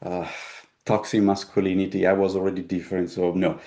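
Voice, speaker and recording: Low, mellow-voiced Italian man. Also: flat delivery. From Italy. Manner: halting, with frequent restarts. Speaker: host. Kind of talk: conversational storytelling.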